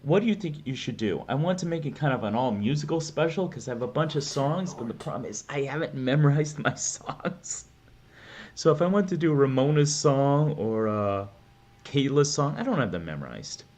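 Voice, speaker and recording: A man's voice: medium pitch, animated, moderate pace, darkish tone. A man chatting casually on his stream, rambling and poking fun at himself about his music. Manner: rambling, self-deprecating.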